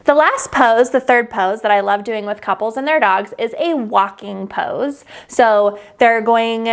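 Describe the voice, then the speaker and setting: A woman wedding photographer giving a casual tutorial to camera, chatty and upbeat, with frequent "um" and "like". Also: mid-range voice.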